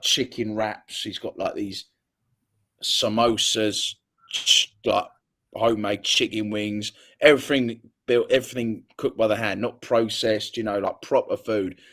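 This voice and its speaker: A man's voice: lowish voice, creaky. Chatty man with swearing. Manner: chatty, repeats words, swears freely. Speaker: guest. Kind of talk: casual interview chat.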